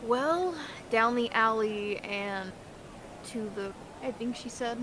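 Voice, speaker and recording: A woman's voice: on the high side, takes it slowly. Friendly woman playing a tabletop game, noisy mic. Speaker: player. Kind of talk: casual role-play.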